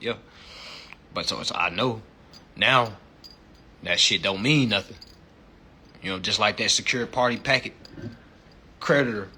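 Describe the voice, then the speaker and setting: A man hosting a casual livestream chat, animated and profane, laughing often and peppering his talk with slang. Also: medium pitch, slightly rough. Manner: slangy, repeats "you know what I'm saying". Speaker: livestream host.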